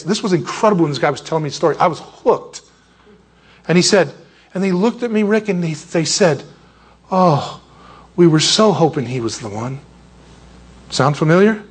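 Husky-voiced man preaching conversationally. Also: fairly high pitch, brisk. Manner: conversational, rambling, animated. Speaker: pastor. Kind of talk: sermon.

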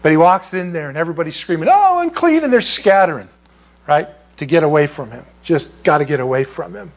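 Male pastor, husky, slightly high voice, sermon delivery with mocking character voices. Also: fairly even intonation, a little fast. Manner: acts out quoted voices in a high mocking pitch.

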